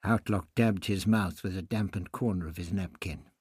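A man reading a novel aloud in measured scripted narration. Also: low-pitched, darkish tone, slightly rough, dry recording, clean studio sound. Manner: measured storytelling. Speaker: audiobook narrator.

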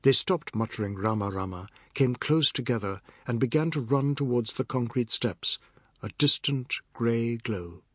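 A man narrating a novel in a measured, steady storytelling manner. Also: mid-range voice, slightly rough, no room sound, studio quality. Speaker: audiobook narrator. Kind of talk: scripted narration.

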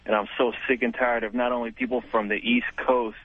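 A man's voice: mid-range voice, level tone, brisk, breathy edge, no room sound. A man from Los Angeles calling in to a radio show, talking bluntly and rambling with lots of fillers and restarts. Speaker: caller. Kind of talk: call-in talk radio. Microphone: telephone. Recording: tinny phone line.

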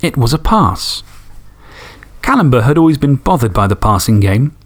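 Animated man reading stories aloud. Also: mid-range voice, normal speed. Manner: enthusiastic, expressive, swears casually. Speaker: podcast host. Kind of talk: reading fan stories and chatting.

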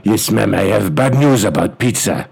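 A bumbling male pizza-shop caller, as a man puts him on for a prank phone call, talking in clipped, stiff, broken English. The voice sits low and a little husky, with pitch that swings widely. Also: expressive, moderate pace, darkish tone, exaggerated voice. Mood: grave.

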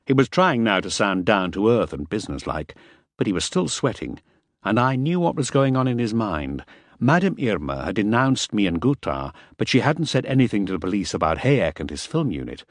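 A man narrating a first-person novel in a measured, wry storytelling manner. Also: lowish voice, very animated, no echo, clean studio sound. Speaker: audiobook narrator.

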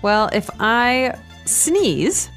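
A woman hosting a language lesson podcast, explaining phrases slowly and repeating them. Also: a little high, very animated, fairly bright tone, faint music behind.

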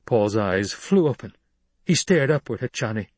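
A man reading an audiobook in measured, even scripted narration. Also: on the low side, husky, no room sound.

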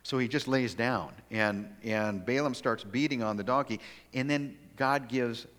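A man preaching a sermon as pastor, telling a story in a lively way with many restarts. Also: mid-range voice, unhurried. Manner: animated storytelling with frequent restarts. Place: church sanctuary. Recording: long hall reverb.

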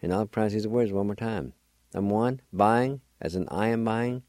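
A man hosting a radio language lesson, spelling each word letter by letter and then sounding it out slowly and deliberately. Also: on the low side, dark tone, dry recording. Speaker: radio host teaching words.

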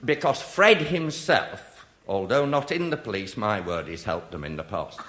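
Older comic, lively and echoey. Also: male voice, on the low side, moderate pace. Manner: chatty, confiding, lively delivery with deadpan punchlines. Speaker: stand-up comedian. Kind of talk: stand-up comic storytelling. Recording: echoey live room with noise.

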